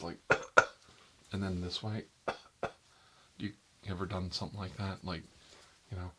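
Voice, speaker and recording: A man playing a nervous male doctor in a soft-spoken ASMR role-play, rambling and filling his talk with "like" and "you know.". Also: deep voice, a little hiss or hum, close to an everyday voice. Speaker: doctor examining a patient.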